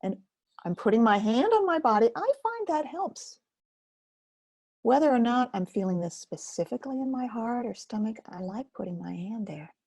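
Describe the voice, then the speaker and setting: An older woman hosting a self-care webinar, speaking softly and slowly in a soothing way and sometimes dropping to a whisper. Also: a little high, animated, breathy edge. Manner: soft, slow and soothing, drops to a whisper. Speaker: webinar host and Focusing teacher.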